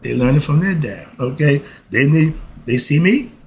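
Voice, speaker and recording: A man's voice: a little high, animated, moderate pace, darkish tone, slight background noise. An older man giving life advice in a casual monologue, folksy and emphatic, breaking off with frequent asides.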